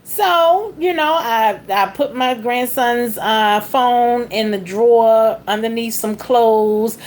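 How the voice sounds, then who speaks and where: Middle-aged lady rambling through a story, lots of fillers, pitch jumps all over, bit of background noise. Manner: animated, with big pitch jumps on quoted speech; rambling, with frequent fillers and restarts. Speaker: vlogger. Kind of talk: casual storytelling.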